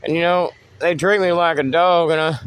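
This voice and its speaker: A man's voice: a little high, steady tone, moderate pace, smooth. Rambling man touring his wooded land. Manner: rambling, cryptic, profane. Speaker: vlogger giving a tour of his land. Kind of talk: rambling walking-tour monologue. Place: outdoors in woods.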